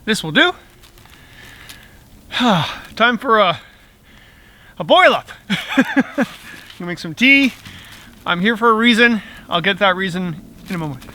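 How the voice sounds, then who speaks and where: A middle-aged outdoor vlogger speaks slowly in a high, sing-song voice that's bright and forceful, pausing often. He's in the woods making tea over a small stove, chatting casually and chuckling between rambling asides.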